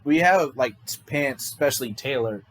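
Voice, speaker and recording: A fan storyteller casually improvises a tale, rambling loosely with plenty of fillers and restarts. His mid-range voice is expressive and moderately paced, captured in a low-quality recording.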